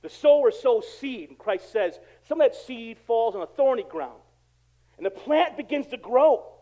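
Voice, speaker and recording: A man with a strikingly high, lively voice preaches to his congregation, moving from hushed, close remarks to loud, punchy emphasis. His voice comes through a dull, lo-fi recording. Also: normal speed. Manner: animated, conversational preaching with dramatic swings in volume. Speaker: pastor. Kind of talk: sermon.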